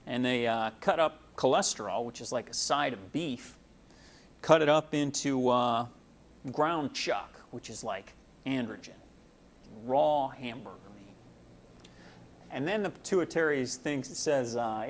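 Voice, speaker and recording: A man's voice: mid-range voice, animated, a little slow, a little hiss or hum. A man giving a casual medical lecture, folksy and full of fillers, explaining with homely analogies.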